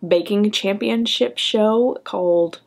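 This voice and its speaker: A young woman chatting enthusiastically in a book vlog, often tagging her remarks with a quick "okay?". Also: medium pitch, gravelly, darkish tone. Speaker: book vlogger. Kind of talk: casual chat.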